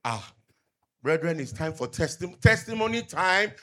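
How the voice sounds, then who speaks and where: A middle-aged male pastor, preaching a sermon with emphatic call-and-response and loud peaks. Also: a little high, big pitch swings, moderate pace.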